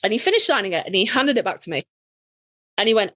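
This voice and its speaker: Fast, bright and forceful, her mid-range voice swings widely in pitch, with no echo on the recording. She's a podcast co-host from Yorkshire, England, with a Yorkshire accent, telling a story casually, swearing freely and acting out what people said.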